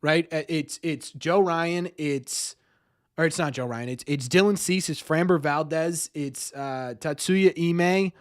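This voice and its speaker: A man's voice: fairly high pitch, measured pace. A man hosting a live-streamed sports talk show, rambling, repeating words and ending many lines with "right?". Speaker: podcast host.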